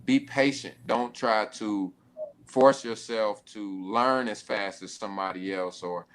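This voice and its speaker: Relaxed, low-voiced man sharing advice. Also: unhurried. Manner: laid-back, often says "you know what I mean". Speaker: panel guest. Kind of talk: casual panel talk.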